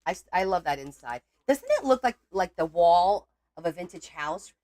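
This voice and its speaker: A woman's voice: on the low side, very animated, moderate pace, a little mellow, no room sound. A woman hosting a casual crafting video at her home craft table, chatting loosely and breaking into exasperated outbursts. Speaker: crafting channel host.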